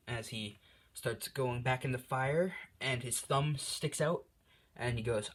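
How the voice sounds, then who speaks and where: A man's voice: medium pitch, takes it slowly. A man hosting his channel, improvising a fan story in a rambling, self-deprecating way with lots of fillers.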